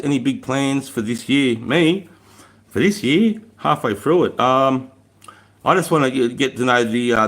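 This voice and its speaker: A man's voice: mid-range voice, a bit bright. A middle-aged Australian man hosting a casual livestream from home, chatting with viewers and swearing freely, with plenty of "mate" and "bro". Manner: laid-back, swears freely, laughs easily, lots of mate and bro. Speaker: livestream host. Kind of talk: casual livestream chat reading out viewer comments. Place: indoors at home by a wood fire.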